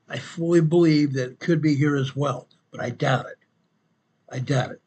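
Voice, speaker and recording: A man with a medium, slightly rough voice hosts an online show, casually guiding viewers through a map. He drives points home by repeating phrases and calls his audience guys and folks.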